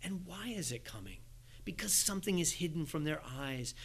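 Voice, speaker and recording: A man preaching a sermon, animated, acting out little dialogues with asides. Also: a little high, normal speed, vocal fry, breathy edge. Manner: animated, acts out quoted exchanges with asides and laughs. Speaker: pastor.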